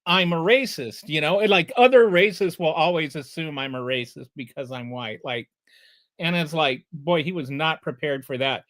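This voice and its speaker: A man's voice: fairly high pitch, normal speed. Middle-aged man telling a rambling anecdote. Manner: animated anecdote teller, rambling with filler words. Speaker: podcast host. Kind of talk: casual conversational storytelling.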